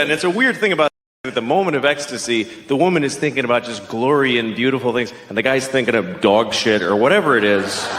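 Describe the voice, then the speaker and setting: A man's voice: roomy sound, long reverb tail. A middle-aged man doing a profane, ranting stand-up comedy set on a club stage. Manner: ranting, profane, jumps into shrill yelling bits. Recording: live set with clear audience noise.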